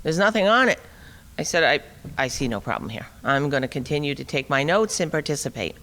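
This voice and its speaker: A middle-aged woman giving an animated, wry storytelling talk at a forum, acting out the dialogue as she goes. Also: low-pitched, a little fast, a little hiss or hum. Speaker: speaker at a liberty forum. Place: conference hall. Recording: long reverb of a hall.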